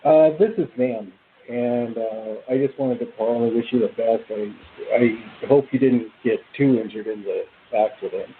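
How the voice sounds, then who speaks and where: A man's voice: mid-range voice, moderate pace. A man calling in to a talk show, friendly and a bit hesitant and apologetic. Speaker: caller. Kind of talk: casual phone call. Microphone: phone line. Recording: tinny phone line with hiss.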